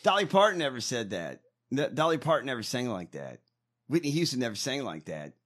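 A man's voice: mid-range voice, brisk. A man co-hosting a casual podcast, joking and swearing as he reacts to clips. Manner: animated, profane, joking. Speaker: podcast co-host. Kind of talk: casual political chat.

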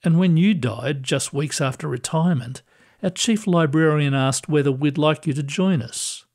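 A man voicing a kindly ghostly librarian who speaks gently and reassuringly, with quiet amusement. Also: fairly high pitch, moderate pace. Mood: gentle.

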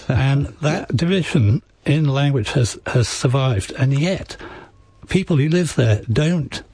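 Author guest from England, male, slightly husky, measured storyteller, dry studio sound. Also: medium pitch, lively intonation, a little mellow, no echo. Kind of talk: conversational radio interview.

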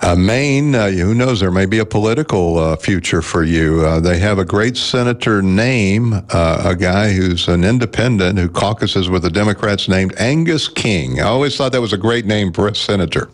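A man's voice: low-pitched, moderate pace, few pauses. A man hosting a radio call-in show, talking in a chatty, conversational way with hesitant fillers. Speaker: radio talk show host.

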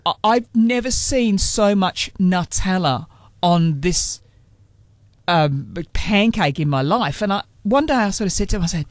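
A man's voice: high voice, expressive, moderate pace, no echo. An Australian man hosting a radio chat, telling a long funny story with dry humour. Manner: yarn-spinning, dry humour. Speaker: radio host. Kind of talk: casual chat.

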